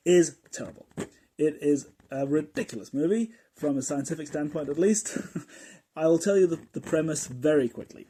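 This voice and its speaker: A man hosting a casual explanatory podcast, telling his points in a playful, jokey, animated way. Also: a little high, husky. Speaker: podcast host.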